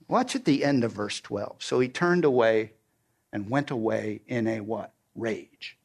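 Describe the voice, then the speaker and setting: A man preaching a sermon, walking through scripture verse by verse and retelling it in everyday slang. He asks the congregation questions, answers them himself, and sometimes drops to a quiet, low delivery for emphasis. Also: unhurried.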